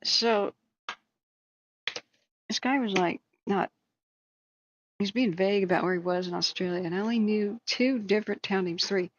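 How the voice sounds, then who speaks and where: A woman's voice: medium pitch, normal speed, pauses often, dull audio, a little hiss or hum. A woman host on a live stream, telling a long self-deprecating story in a rambling way with many fillers. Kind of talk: casual storytelling.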